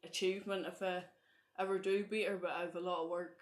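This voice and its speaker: A woman's voice: fairly low pitch, level tone, a little fast, roomy sound. Guest, woman, modest and hesitant. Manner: modest, hesitant, many fillers. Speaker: guest athlete. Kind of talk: casual interview talk.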